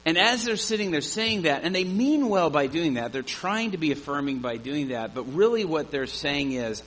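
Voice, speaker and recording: A man delivers a sermon with the energy of a storyteller. His voice sounds bright and forceful and sits a little high for a man. A faint hum runs behind him. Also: moderate pace, hardly any pauses, low-quality recording. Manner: animated storyteller, shouts at the climax. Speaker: preacher.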